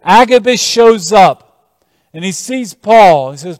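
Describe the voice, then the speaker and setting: Animated preacher in a reverberant hall. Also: male voice, sits high, takes it slowly. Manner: animated storytelling, shifting emphasis. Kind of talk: sermon.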